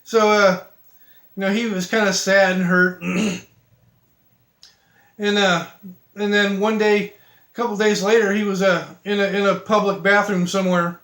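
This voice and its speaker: High-voiced man telling rambling jokes. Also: little pitch movement, fairly bright tone, roomy sound. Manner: halting, many restarts and fillers, self-deprecating. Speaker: amateur joke teller.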